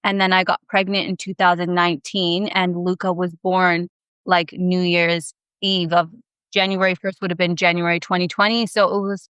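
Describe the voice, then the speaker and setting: A woman in her thirties, a podcast guest, telling a personal story in casual chat, animated and emotional, with lots of fillers. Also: on the low side, normal speed, clean tone, no echo, highs cut off.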